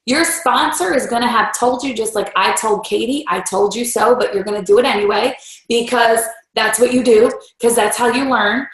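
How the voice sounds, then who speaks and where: A woman leading a team training, giving a motivational talk and acting out quoted voices along the way. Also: on the high side. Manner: animated, acts out voices in quotes. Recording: roomy echo.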